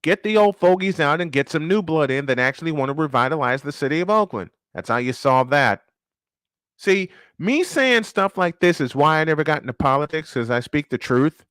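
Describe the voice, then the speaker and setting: A man's voice: a little high, expressive, brisk, fairly bright tone, clean tone, no echo, studio quality. A man hosting a casual live-stream sports show, ranting and firing off rhetorical questions, repeating his points for emphasis.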